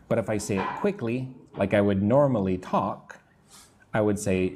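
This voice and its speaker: A man teaching an English lesson on a live stream, reading out viewers' comments, answering them casually, and slowly drilling pronunciation. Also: on the low side, expressive, darkish tone, husky. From United States. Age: adult, not young.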